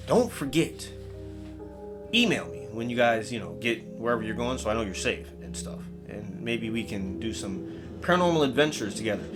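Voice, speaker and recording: A man telling a comedic scary story in a casual, rambling way with lots of swearing. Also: lowish voice.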